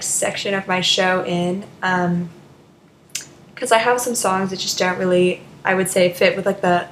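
Chatty young woman DJ with vocal fry. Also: medium pitch, a bit bright, reverberant, slight background noise, low-quality recording. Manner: loose and chatty, with many ums and likes. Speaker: college radio DJ. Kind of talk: casual radio chat. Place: radio studio.

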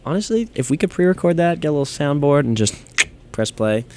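A man co-hosting a podcast in casual chat, laid-back and giggly, often pausing on "um". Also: fairly high pitch, sing-song, warm tone, slight background noise. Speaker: podcast co-host.

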